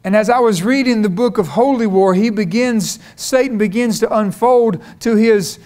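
A man's voice: high voice, moderate pace, darkish tone. A middle-aged man preaching a sermon, telling a personal story in a folksy way that builds to fervor. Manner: storytelling, folksy, rising to fervent.

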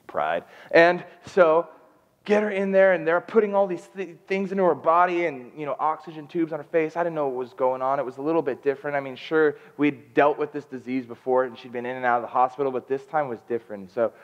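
A young man preaching as a guest, telling a personal story with emotion and animated outbursts. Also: on the high side, brisk. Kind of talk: storytelling sermon. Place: church sanctuary. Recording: dull lo-fi sound with long hall reverb.

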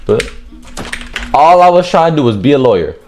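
A young man giving loud, profane gameplay commentary, trash-talking and often shouting. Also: a little high, sing-song, normal speed, slight background noise. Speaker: gamer streaming gameplay.

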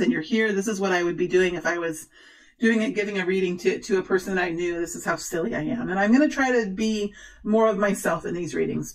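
A woman's voice: mid-range voice, low-quality recording. Chatty woman giving a rambling tarot reading. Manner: chatty and rambling, many fillers and restarts, encouraging. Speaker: tarot reader. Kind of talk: casual tarot reading to camera.

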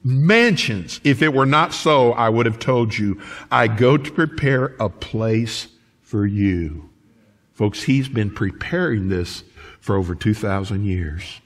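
A man's voice: lowish voice, slow pace. A middle-aged man, preaching a folksy sermon as pastor of his church. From United States. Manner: lively, folksy preaching with laughs and quoted asides. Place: church sanctuary.

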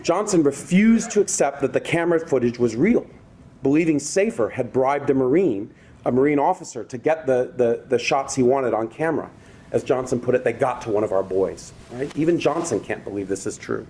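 A man's voice: mid-range voice, animated, brisk, a little mellow. A man giving a university lecture, reading a prepared text and breaking off with conversational asides to the audience. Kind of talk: academic public lecture.

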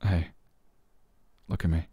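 A man in a whispered role-play as a comforting boyfriend, speaking softly and gently, with hesitant fillers, quiet sighs and slow, soothing phrasing. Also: dry recording. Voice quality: soft, gentle and reassuring, with sighs and quiet laughs.

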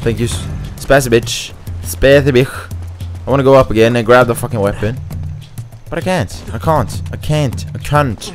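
A man giving profane let's-play commentary as he plays, trash-talking enemies with loud outbursts. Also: medium pitch, normal speed, faint music behind. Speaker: gamer streamer.

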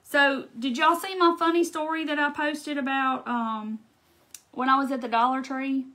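Southern woman, folksy live craft demo, bright tone, a bit high. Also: steady tone, normal speed, a little hiss or hum. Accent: Southern American. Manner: chatty, folksy, talks straight to viewers. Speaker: craft tutorial host. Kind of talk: live-streamed craft tutorial chat.

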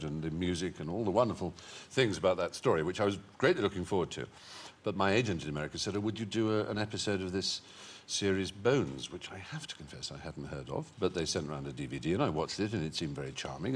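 A man's voice: low-pitched, quick pace, slightly rough. A male talk show guest telling long, witty anecdotes full of playful asides. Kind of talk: anecdotal chat show storytelling. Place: TV studio with a live audience.

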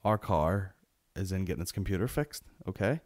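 A man's voice: deep voice, animated, moderate pace, darkish tone. A young Northern Irish man hosting a solo comedy podcast, telling a rambling, sweary anecdote. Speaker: podcast host.

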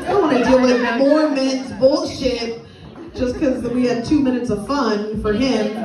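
A young woman performing a stand-up comedy set with crowd work, blunt and crude in a deadpan way. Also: sits high, a little slow, over music. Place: small comedy venue with a live audience. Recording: echoey room, mic at a distance, audience laughter. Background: crowd laughing.

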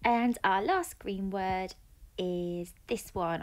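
A woman teacher, slowly sounding out words in a phonics lesson and praising pupils. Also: mid-range voice, mellow. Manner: slow, clear and encouraging, sounding out letters. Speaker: primary school teacher. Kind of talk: phonics lesson and reading a story aloud.

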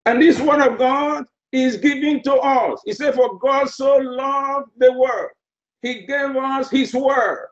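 Preacher, male, very high voice, slow deliberate sermon delivery, roomy muffled recording. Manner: emphatic, repeats phrases for effect.

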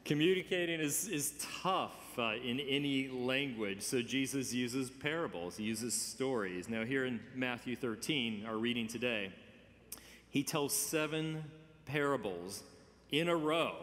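A man in his fifties preaching a sermon, conversational with gentle humor and emphatic stresses. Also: mid-range voice, a little hiss or hum. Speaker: pastor. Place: church sanctuary. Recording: reverberant church sanctuary.

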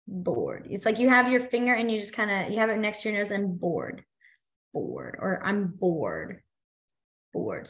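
Chatty woman teaching a beginner class. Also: fairly high pitch. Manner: chatty and demonstrative, lots of fillers. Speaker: sign language instructor. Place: library classroom.

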